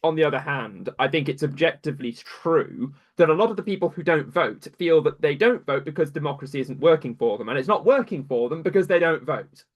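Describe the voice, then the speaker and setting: Man, show guest, dry and wry, slightly higher voice. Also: animated, a little fast, hardly any pauses, lo-fi sound. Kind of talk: casual live chat.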